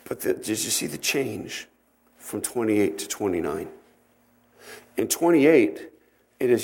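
A man's voice: mid-range voice, expressive, gravelly, darkish tone. Man teaching scripture verse by verse. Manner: reads scripture aloud, then explains it in a conversational tone; unhurried, with fillers and self-corrections. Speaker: Bible teacher. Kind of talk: expository Bible teaching.

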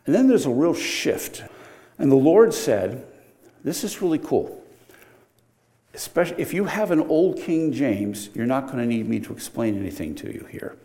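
An older man preaching a sermon with a mellow, warm voice at a middling pitch. He talks in a casual, conversational way. Now and then he swings up loud and high for emphasis. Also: normal speed. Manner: conversational, animated, with sudden loud emphatic rises.

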